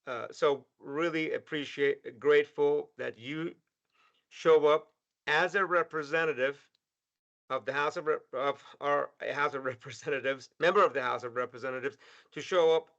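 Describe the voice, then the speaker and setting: A man's voice: on the high side, normal speed, fairly bright tone. A male host wrapping up a panel discussion and thanking his guests, often stumbling and restarting words. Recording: dull lo-fi sound.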